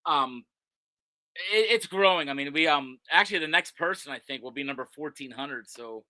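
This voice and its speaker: A man's voice: fairly high pitch, moderate pace, sharp tone, dry recording. A man, a podcast guest telling stories in loose, rambling casual chat full of restarts. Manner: rambling storyteller, many restarts. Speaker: guest, sports website owner. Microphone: video call.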